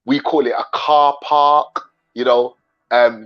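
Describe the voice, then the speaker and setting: A man from England chatting casually as the host, telling animated stories and laughing often. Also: mid-range voice, slow. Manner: animated storyteller, mimics voices, laughs often. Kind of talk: casual chat on a livestream. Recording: dull lo-fi stream audio with faint music.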